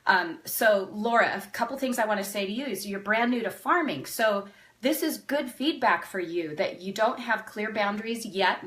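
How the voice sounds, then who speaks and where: Middle-aged lady giving a fast farm marketing lesson, bright voice, eager and chatty. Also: mid-range voice. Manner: fast, earnest, animated advice. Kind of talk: video lesson to farmers.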